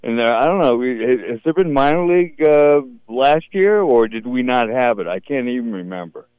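A man's voice: medium pitch, animated, moderate pace, clean tone, no echo, narrow, tinny audio. A man in his fifties hosting a sports radio show, speaking in an opinionated way and often repeating words. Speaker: radio host. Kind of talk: casual sports radio chat.

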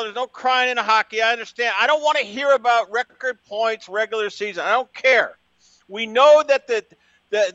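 A man's voice: extremely high pitch, pushed and bright, dry recording, dull audio. A man hosting a call-in sports radio show, ranting in an emphatic, exasperated way. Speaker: sports talk radio host.

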